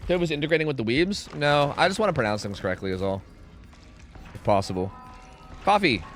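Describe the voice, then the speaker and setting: A man's voice: a little high, animated, quick pace, faint music behind. A young American man chatting casually while streaming a game, rambling, swearing and humming to himself. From United States. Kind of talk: casual gaming livestream chat.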